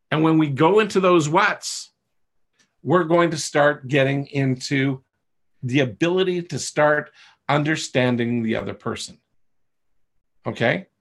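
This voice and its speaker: Fairly high-voiced man teaching a webinar. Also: fairly bright tone. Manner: explains patiently, checks in with listeners, many restarts. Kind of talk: live online teaching session. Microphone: video call microphone.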